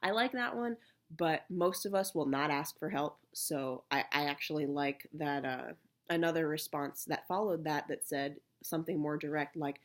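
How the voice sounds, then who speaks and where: A woman in her thirties talking candidly and softly to the camera, with many fillers and pauses. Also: deep voice. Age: 30s. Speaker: vlogger. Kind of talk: casual personal talk to camera.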